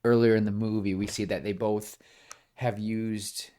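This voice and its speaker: A man with a fairly low voice co-hosts a podcast. He rambles through a story pitch in a relaxed, chatty way. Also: a little slow. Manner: rambling, acts out bits of dialogue. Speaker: podcast co-host. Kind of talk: casual pitch-meeting chat.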